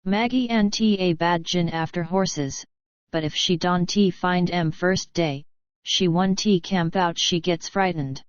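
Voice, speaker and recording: A woman voicing a rough, blunt middle-aged male outback cattleman in an audiobook, speaking in a broad rustic bush drawl with dropped endings. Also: fairly low pitch, takes it slowly, dry recording, lo-fi sound. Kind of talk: audiobook character reading.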